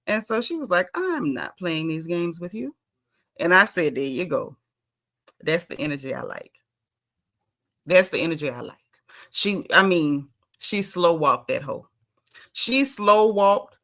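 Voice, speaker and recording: Woman, sassy casual recap host, bright forceful voice, animated. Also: low voice, unhurried, pauses often. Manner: sassy, animated, mimics cast members' quotes. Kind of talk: casual reality TV recap chat.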